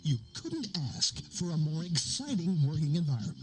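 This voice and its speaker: A man voicing a cheerful corporate orientation narrator who gives a sales-pitch welcome laced with dark jokes. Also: sing-song, normal speed, heavy background noise. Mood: chipper. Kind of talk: scripted promo narration. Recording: over loud music.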